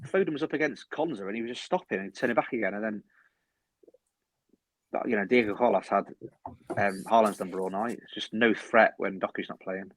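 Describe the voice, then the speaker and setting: A man co-hosting a casual football podcast, talking quickly and rambling with many restarts. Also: on the low side, a little hiss or hum, poor audio. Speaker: podcast co-host. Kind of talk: casual chat. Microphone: home video call.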